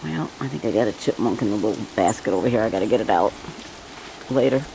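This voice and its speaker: A woman from Northern Michigan with a rough morning voice, chatting casually outdoors and pointing things out to the viewer as she films on a phone. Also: a bass voice, fast talker, dark tone, slight background noise. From Northern Michigan, USA. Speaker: vlogger. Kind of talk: casual handheld vlog narration. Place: outdoors in a yard, wind and trees.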